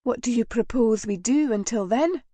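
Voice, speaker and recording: A woman reading a spirited young lady in a storybook, with a slightly raised, brisk delivery. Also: fairly high pitch, warm tone, dry recording, voice pushed up, lightly acted. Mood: playful.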